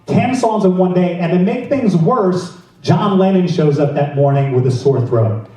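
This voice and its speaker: A man talks through a music story in a chatty, self-deprecating way, as if to a room of fellow DJs. His voice sits a little high but sounds mellow. It is picked up from some distance in a strongly echoing room. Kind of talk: casual storytelling talk.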